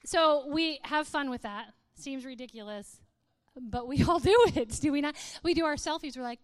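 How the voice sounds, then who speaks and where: A woman's voice: high-pitched, moderate pace. A woman speaking to a live audience in a playful, humorous way, often laughing and reading aloud with mock drama.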